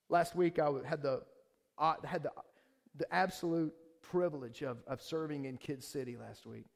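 Pastor, man, high voice, eager and chatty sermon delivery with lots of restarts. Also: fairly even intonation, moderate pace, creaky. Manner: enthusiastic, conversational, frequent restarts and rhetorical questions.

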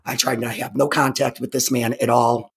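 Gravelly, husky woman telling her story. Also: very deep voice, little pitch movement. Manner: halting, with frequent repeated restarts; emphatic, intense retelling. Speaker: interview guest. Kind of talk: personal storytelling in conversation.

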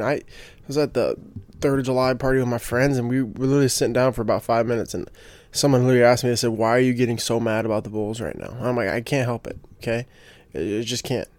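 A man's voice: mid-range voice, a little mellow, dry recording. Rambling young man, dry close podcast mic. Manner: rambling, gets fired up, lots of restarts and fillers. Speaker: podcast host. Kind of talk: casual solo podcast rambling.

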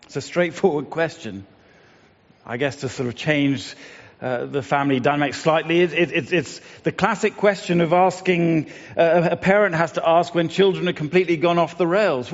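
A middle-aged man speaks in a somewhat high voice, musing his way through a morning devotion with frequent fillers and restarts. The sound is dull and lo-fi, and a long reverb trails after his words. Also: normal speed. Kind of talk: reflective spoken devotion.

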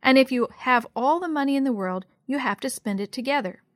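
A thoughtful, kind older sister speaks gently and patiently, as a woman reading a storybook gives her voice. Her tone sits a little high and plain. The recording is dry and close. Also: a little fast, dry recording, close to an everyday voice.

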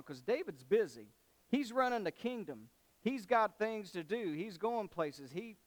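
Man retelling scripture for a Bible class, folksy and animated, slightly high voice. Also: rough recording. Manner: animated, folksy storytelling with slang. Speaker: Bible teacher. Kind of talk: Bible study storytelling.

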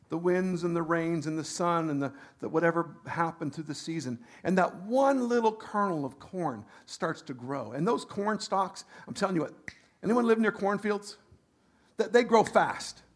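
A male pastor preaching a sermon in an animated way, swinging from loud emphasis to quiet asides with frequent restarts. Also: high voice.

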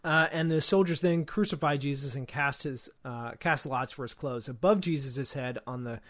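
A man's voice: mid-range voice, normal speed, a bit bright. A young man co-hosting a casual podcast, reading from his notes with frequent fillers and restarts. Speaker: podcast co-host.

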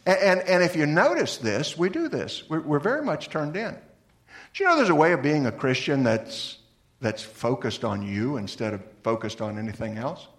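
A man preaching a sermon as a pastor, earnest, moving between lively emphasis and soft, low appeals to his listeners. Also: normal speed.

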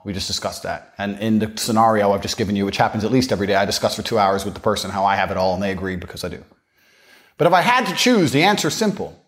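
A man giving a boastful, mocking monologue, swaggering and profane. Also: medium pitch. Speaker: podcast speaker.

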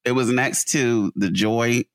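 A man's voice: medium pitch, fairly even intonation, slow pace, dry recording. A man, a son, telling family stories in a casual chat, laughing and mimicking his mother.

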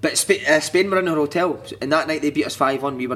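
A man with a Scottish accent chatting casually as a podcast guest, telling animated stories with plenty of swearing. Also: on the high side, fast. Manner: animated storytelling, heavy swearing, laughing. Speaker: podcast guest, former footballer. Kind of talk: casual chat.

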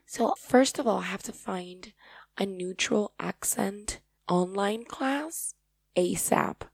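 A woman's voice: mid-range voice, slow, vocal fry, breathy edge, no echo. A Spanish-speaking woman from Paraguay with a Paraguayan accent, hosting a podcast and talking to listeners in a rambling, earnest, effusive way. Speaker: podcast host. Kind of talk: casual solo talk.

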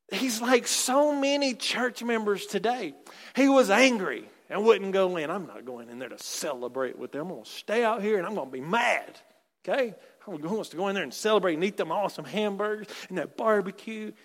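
Male preacher, very high voice, lively conversational sermon, long reverb of a big hall. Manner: animated, conversational preaching with asides.

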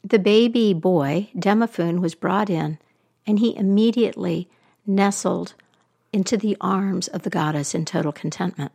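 A woman storyteller recounts a myth with an animated, expressive delivery. Her voice sits fairly low and she shapes each line for the listener. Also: moderate pace, creaky, breathy edge.

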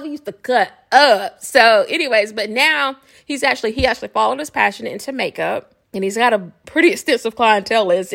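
A woman's voice: a little high, gravelly, a bit bright. A woman hosting a podcast, talking casually about spiritual self-help in a rambling way, laughing often and checking in with listeners. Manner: chatty, rambling, often asks listeners "okay?". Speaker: podcast host.

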